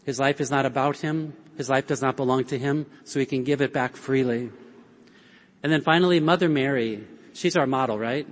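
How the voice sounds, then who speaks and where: A man's voice: mid-range voice, moderate pace. A man giving an earnest talk at a Catholic conference, prompting his audience with questions and call-and-response. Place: large conference hall. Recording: long hall reverb.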